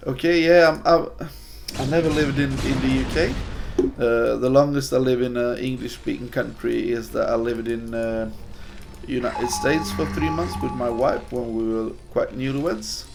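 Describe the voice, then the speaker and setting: A man's voice: mid-range voice, fairly even intonation, normal speed, gravelly, over music. A man from Sweden, a native Swedish speaker, casting a game in English in a chatty, hesitant way while answering viewer chat. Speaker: game caster. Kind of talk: casual live-stream game commentary.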